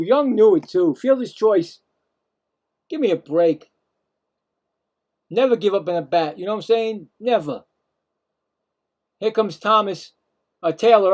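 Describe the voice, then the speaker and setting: A high-pitched man calls live play-by-play as a stream host, excitable and ranting about calls while speaking directly to his viewers.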